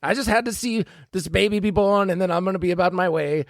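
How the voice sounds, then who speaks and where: Man doing a shrill falsetto midwife, portly woman, giggly, tabletop role-play. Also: fast, dry recording, clean studio sound. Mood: chatty. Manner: high, breathy falsetto, giggly.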